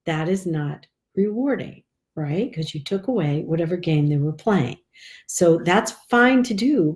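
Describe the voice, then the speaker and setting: A woman's voice: mid-range voice, darkish tone. A woman dog trainer giving casual live advice in a chatty, rambling way with frequent fillers. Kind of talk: casual live video tip.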